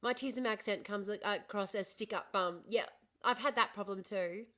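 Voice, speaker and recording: Speaking at a normal speed in a mid-range voice that sounds pushed and bright, a middle-aged woman from northern Australia hosts a casual livestream. With her posh Australian accent, she chats, responds to viewers' comments and laughs a lot.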